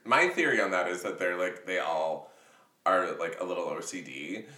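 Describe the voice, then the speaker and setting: A man's voice: low-pitched, normal speed, bright, forceful tone. A man in casual chat, laughing often and slipping into funny impressions of movie characters. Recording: echoey room, a bit far from the mic.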